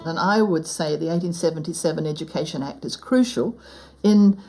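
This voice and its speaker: A woman's voice: sits low, a little fast, music in the background, rough recording. A woman with a New Zealand accent explaining as a language expert in a thoughtful interview.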